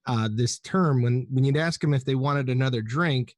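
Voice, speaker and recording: A man's voice: mid-range voice, normal speed, no echo, clean studio sound. A man from the United States, co-hosting a casual group stream and acting out quotes as he tells stories. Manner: animated storyteller acting out quotes. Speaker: stream co-host.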